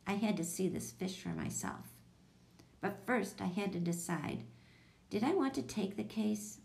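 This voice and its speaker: A woman narrating a children's chapter book in a steady, even storytelling voice. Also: mid-range voice, a little slow, vocal fry. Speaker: audiobook reader.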